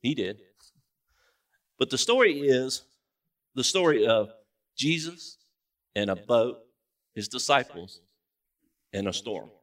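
Man, preacher, conversational, lively pitch, recorded from afar in church. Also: takes it slowly, pauses often. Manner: conversational, joking asides, folksy. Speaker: pastor. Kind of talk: sermon. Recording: distant mic in a church.

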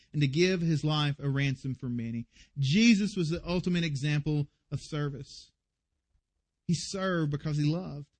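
A man preaching a sermon as pastor, earnest and emphatic. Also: fairly high pitch.

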